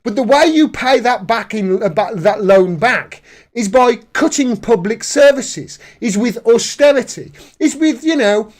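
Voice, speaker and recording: A man in casual commentary, reading out news articles and mocking them sarcastically, laughing as he goes. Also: high voice. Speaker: political commentator.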